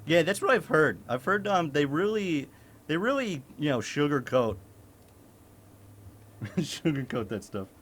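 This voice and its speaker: A man from Maine chats casually on his stream, cursing freely and laughing through his rants. His slightly raised voice swings widely in pitch, snapping into sudden disbelieving yelps. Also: big pitch swings, a little slow, long pauses, fairly bright tone. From Maine, United States. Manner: profane, blunt and laughing often; exclamatory, with sudden incredulous outbursts. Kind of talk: casual reaction commentary.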